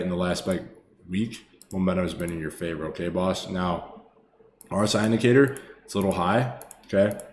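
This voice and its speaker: Man, low voice, casual stock-chart live stream, swears, echoey room, faint background hum. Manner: casual, swears, calls viewers brother and boss.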